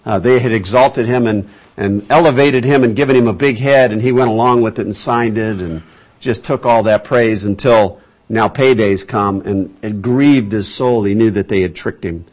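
A man's voice: on the low side, moderate pace. Folksy man preaching a conversational sermon. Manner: folksy, chatty storytelling with frequent restarts. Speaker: pastor. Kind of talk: conversational Bible-teaching sermon.

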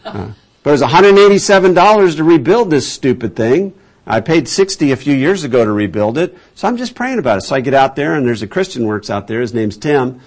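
Brisk and very animated, a man with a mid-range voice preaches a conversational sermon as a pastor teaching the Bible. He tells stories in a folksy, chatty manner and keeps restarting.

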